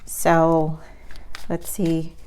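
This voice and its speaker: A woman's voice: sits low, completely flat delivery, extremely slow, a little mellow. Earnest woman giving a tarot reading. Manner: earnest, emphatic, repeats herself. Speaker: tarot reader.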